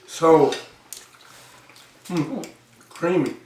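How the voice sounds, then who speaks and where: A man joining a mukbang eating vlog, relaxed and low-key, humming his appreciation between bites. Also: drawn-out words. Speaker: co-host guest. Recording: echoey room, mic at a distance, faint hiss.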